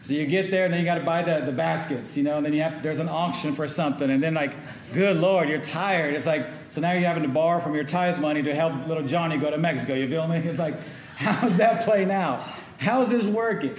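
Brisk and fairly high-pitched, a middle-aged pastor preaches with a loose, conversational manner and calls to his congregation for responses. The room is echoey with faint ambience.

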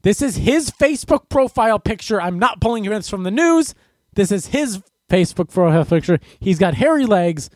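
A man's voice: high voice, lively intonation, moderate pace, dry recording. Guy ranting sarcastically about the news, voice all over the place, super dry close sound. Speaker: host of a news commentary show. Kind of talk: ranting comedic news commentary.

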